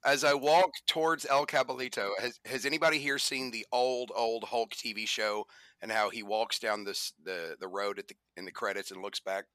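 A man's voice: medium pitch, steady tone, normal speed, a bit bright, no echo. A man playing a tabletop game, joking and self-mocking. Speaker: player. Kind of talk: casual chat during a tabletop game.

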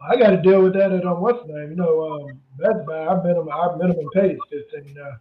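A man's voice: on the high side, fast talker, a little hiss or hum. A man who works in retail, speaking bluntly and in slang during a casual podcast discussion. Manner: blunt, slangy, quotes himself to coworkers. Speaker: retail worker, podcast guest. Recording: tinny phone-line sound in an echoey room.

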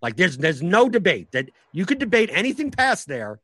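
Male comic, chatty podcast guest, somewhat high voice, dry close sound, talks in loose rambling bursts. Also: big pitch swings, pushed and bright, no room sound. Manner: rambling, fast, many restarts and filler words. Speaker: stand-up comic and professional poker player. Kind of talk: casual podcast conversation.

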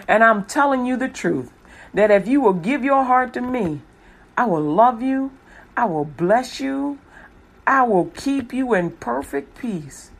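A woman's voice: fairly high pitch, expressive, measured pace. A woman voicing God in her sermon as a loving deity who talks in a slangy, casual way. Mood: reassuring. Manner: slangy and casual, tender reassurance.

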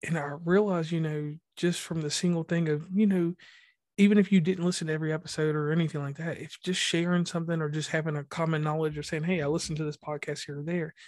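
Fast-talking rambling male podcast host. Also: on the high side, fairly even intonation, darkish tone, dry recording, clean studio sound. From rural Mid-Atlantic US. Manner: rapid, rambling delivery with many restarts. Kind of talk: casual podcast interview.

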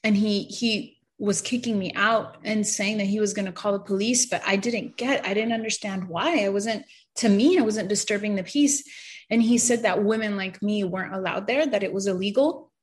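A woman giving an earnest, emotional personal testimony, halting and stammering at times and often dropping to a soft, quiet voice. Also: medium pitch. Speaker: person sharing a faith testimony.

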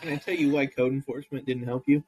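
A man's voice: medium pitch, steady tone, fast talker, a little mellow, slightly rough, no echo, poor audio. A man co-hosting a casual podcast, giving dry, teasing replies. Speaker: co-host.

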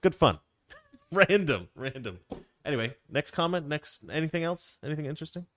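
A man's voice: a little high, very animated, normal speed, a bit bright, a little hiss or hum. A man co-hosting a casual chat, telling long rambling stories with frequent restarts and fillers. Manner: rambling storyteller with many restarts. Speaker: co-host.

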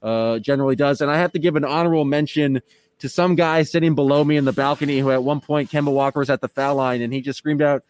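A man hosting a casual sports podcast, chatting in a relaxed way with frequent filler sounds. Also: mid-range voice, quick pace, clean tone. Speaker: podcast host.

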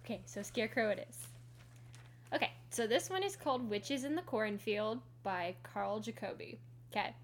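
A woman's voice: fairly high pitch, lively intonation, moderate pace, slight background noise. Giggly, effusive woman chatting. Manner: giggly and effusive, swearing casually. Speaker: podcast co-host. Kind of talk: casual chat.

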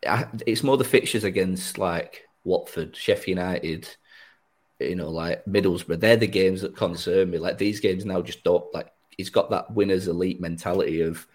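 A man's voice: sits low, normal speed, darkish tone, poor audio. A man hosting a podcast, chatting casually about football with a rambling, easygoing manner and frequent laughs. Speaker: podcast host.

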